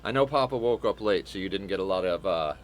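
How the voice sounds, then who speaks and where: A man's voice: low-pitched, expressive, quick pace, a little hiss or hum. A man streaming and commenting on a game in a chatty, rambling way, swearing casually and restarting his sentences.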